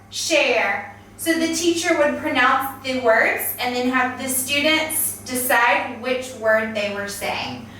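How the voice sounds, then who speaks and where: A woman's voice: a little high, bright, forceful tone, slight background noise. A woman giving a recorded teaching lecture, carefully spelling out example words and sentences. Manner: slow, carefully enunciated examples. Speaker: TEFL trainer. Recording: very echoey room, voice from a distance.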